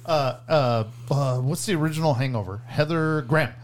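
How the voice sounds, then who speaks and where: A man's voice: a little high, normal speed. A man co-hosting a podcast, trading crude, casual banter, swearing freely and laughing often. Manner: profane, animated, laughs often. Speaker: podcast co-host.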